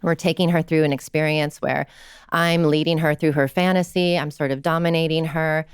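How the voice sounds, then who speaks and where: A woman with a low, smooth and resonant voice speaks frankly and earnestly, often using "like" as filler. She is a kink educator and coach, telling client stories in an interview. The sound is dry and close. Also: fairly even intonation, moderate pace, dry recording. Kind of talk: candid storytelling in a podcast interview.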